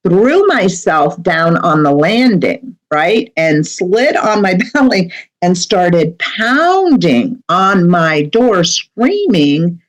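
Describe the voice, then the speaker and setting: A woman's voice: fairly low pitch, sing-song, takes it slowly, low-quality recording. A middle-aged woman, a medium, telling a personal story as a podcast guest in a chatty way, with many fillers and asides.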